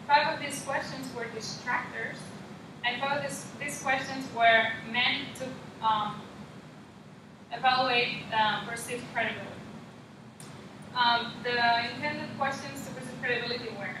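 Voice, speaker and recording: A woman's voice: a little high, steady tone, a little slow. A young woman, a student, practicing a class presentation and methodically reading out figures and lists. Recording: echoey room, mic far off, background noise.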